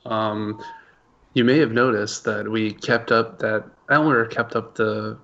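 A man's voice: on the low side, steady tone, slow pace, sharp tone, a little hiss or hum. A man talking at length as a guest in a casual podcast chat. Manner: rambling, talkative. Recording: dull, lo-fi sound.

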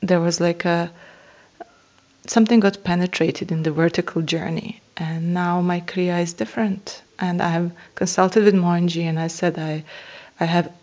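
A woman tells a personal spiritual story in an earnest, awed way, with soft laughs and hesitations. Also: on the low side, fairly even intonation, normal speed. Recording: dull lo-fi sound.

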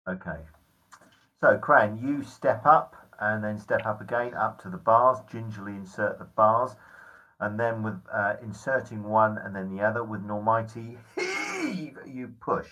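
A man's voice: on the low side, very animated, measured pace, sharp tone, rough recording. A man narrating a tabletop game as game master, describing scenes with some hesitation.

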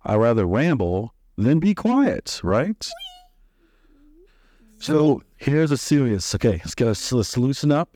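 A man's voice: medium pitch, sing-song, slow, dark tone, no room sound. A man hosting a casual, rambling chat with his sons, affectionate and joking. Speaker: father and podcast host.

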